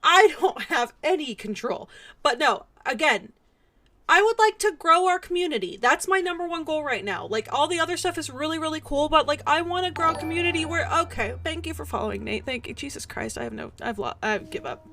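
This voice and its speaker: Young woman, high bright voice, hoarse and cracking, mock-angry streamer, dry close sound. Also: expressive, brisk, no echo. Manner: mock-angry, exasperated, laughing rants at chat. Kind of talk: casual live-stream chat with viewers.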